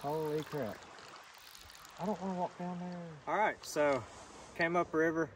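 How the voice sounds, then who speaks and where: A man's voice: on the high side, slight background noise. A man giving casual, instructive fly fishing tips out on a stream while he casts. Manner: easygoing, instructive, talks while casting. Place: outdoors wading a stream. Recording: distant outdoor mic with rushing stream. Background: loud flowing water.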